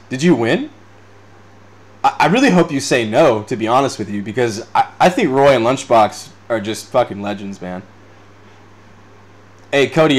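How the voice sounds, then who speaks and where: A man in his twenties hosts an unscripted podcast and reacts to chat comments as he goes. His voice sits at an ordinary middle pitch. He rambles, swears freely and breaks into laughter often. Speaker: podcast host. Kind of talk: unscripted casual chat reading live comments.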